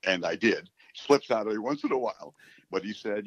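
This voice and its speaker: Older man in his seventies, husky low voice, rambling animated storyteller, dull dry recording. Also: fairly quick, no room sound. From New York City. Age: 70s. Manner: animated, rambling storyteller who acts out quotes. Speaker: radio play-by-play announcer. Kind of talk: casual storytelling interview.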